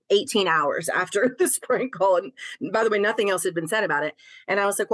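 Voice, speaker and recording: A middle-aged woman with a low-pitched voice recounts her story openly and plainly. She swears casually and fills her sentences with ums and likes. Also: lively intonation, a little fast. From Tennessee. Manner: frank, swears casually, many fillers. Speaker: guest. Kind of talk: candid personal storytelling.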